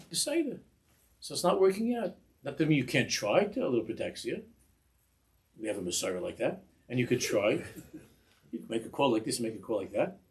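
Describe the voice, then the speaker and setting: A middle-aged man, a rabbi, giving an animated Torah class, acting out little dialogues and sprinkling in Yiddish and Hebrew words. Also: medium pitch.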